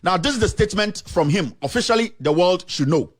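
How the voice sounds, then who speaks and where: A man with a Ghanaian accent speaks in a high, expressive voice at a brisk clip, with no room sound. He's a journalist presenting documents in animated commentary to camera, reading official statements aloud with emphatic remarks and slipping into a local language.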